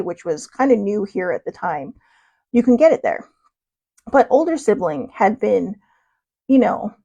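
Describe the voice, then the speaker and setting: A woman's voice: medium pitch, gravelly, dark tone, slightly rough. A woman host telling a funny story in a casual, chatty way, laughing and poking fun at herself. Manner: chatty, laughing, self-deprecating. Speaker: podcast host.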